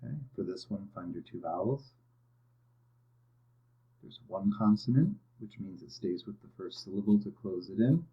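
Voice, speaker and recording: Male teacher, low voice, walking students patiently through a phonics lesson; muffled, lo-fi recording. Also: expressive, normal speed, pauses often. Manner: patient, step-by-step, checks in with "okay". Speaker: reading teacher. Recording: dull lo-fi audio.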